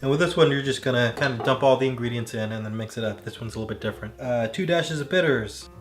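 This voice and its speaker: A man's voice: mid-range voice, quick pace, faint music behind. A man mixing cocktails at home, chatting casually and rambling into tangents with lots of "like" fillers. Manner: rambling, heavy on "like" fillers, digressive. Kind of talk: casual chat while mixing drinks.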